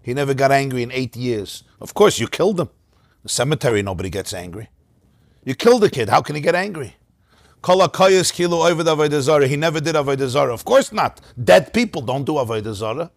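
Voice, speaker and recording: A rabbi gives a Torah class with passionate, animated delivery, his voice gravelly and a bit husky. The man swings widely in pitch and sits on the high side for a man. The sound is close and dry. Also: quick pace, dry recording. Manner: passionate, animated, often laughs mid-sentence. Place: study hall in front of a class.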